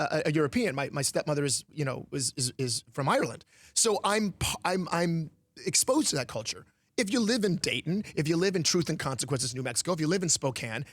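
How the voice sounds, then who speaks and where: A lively man in his forties with a Midwestern Detroit accent, talking as an interview guest. His voice sits a bit high for a man, and he tells animated stories full of quick impressions. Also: no echo. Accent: Midwestern American (Detroit). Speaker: actor and comedian guest.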